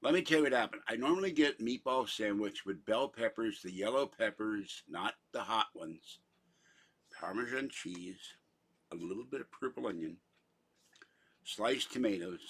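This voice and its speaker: A man's voice: lowish voice, lively intonation, normal speed, fairly bright tone, slightly rough. An older man from Pittsburgh, talking in a rambling, chatty monologue full of theatrical asides. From Pittsburgh, Pennsylvania. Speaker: vlogger.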